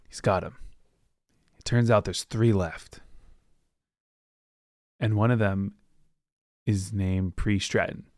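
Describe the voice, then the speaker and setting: A man's voice: lowish voice, darkish tone, dry recording, studio quality. A man hosting a podcast from home, casually recapping a book in a rambling way, often slipping into loose quoted asides. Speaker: podcast host. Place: at home with his dog.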